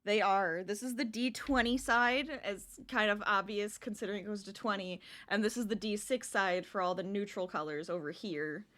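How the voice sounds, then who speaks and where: A woman's voice: medium pitch, fairly even intonation, normal speed, hardly any pauses, fairly bright tone. Chatty woman streaming her crochet. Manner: chatty, laughs often, talks to chat. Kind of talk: casual live-stream chat.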